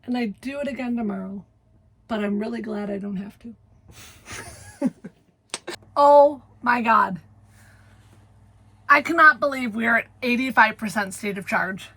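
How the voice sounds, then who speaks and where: A woman's voice: on the high side, unhurried, long pauses, sharp tone, slightly rough. A woman, chatting casually as a vlogger and laughing often. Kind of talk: casual vlog narration.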